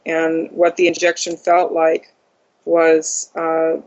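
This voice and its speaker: An interview guest giving a first-person account in a halting way, with many ums and uhs. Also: medium pitch, completely flat delivery. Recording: dull lo-fi audio.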